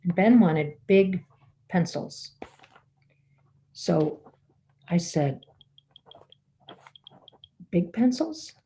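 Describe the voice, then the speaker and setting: A woman telling a personal family story to an audience, unhurried and halting, with fillers and restarts. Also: fairly low pitch, mellow, a little hiss or hum, poor audio.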